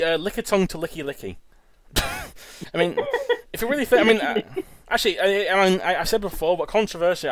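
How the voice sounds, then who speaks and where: A man's voice: fairly high pitch, no echo. A man hosting a let's play, rambling through casual commentary with lots of stammered restarts and laughs.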